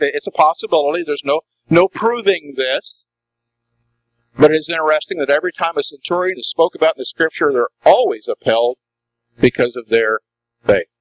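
A male pastor preaching with a high, very animated voice that swoops up and down as he presses his points. He leans on rhetorical questions and repeated phrases. The sound is dry and close. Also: dry recording, low-quality recording. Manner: emphatic preaching with rhetorical questions, swinging pitch. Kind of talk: sermon.

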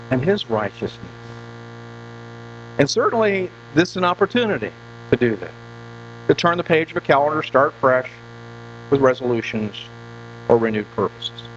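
A pastor preaching a conversational sermon in a church, often repeating words and asking the congregation questions. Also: male voice, a little high, fairly bright tone. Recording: dull lo-fi recording with mains hum.

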